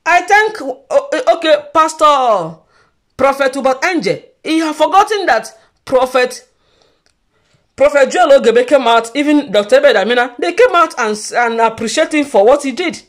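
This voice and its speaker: Woman vlogger, high pitch, emphatic and preachy, keeps repeating herself. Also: animated, moderate pace. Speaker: church gossip vlogger. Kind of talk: casual commentary.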